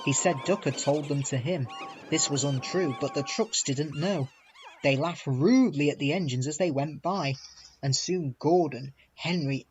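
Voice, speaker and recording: A man narrating a children's railway storybook in a measured, expressive reading. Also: fairly high pitch, slight background noise. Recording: dull lo-fi with faint music.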